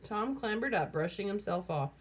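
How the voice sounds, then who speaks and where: Woman, reading a children's novel aloud, lively, wry asides. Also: medium pitch, normal speed, slightly rough. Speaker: reader.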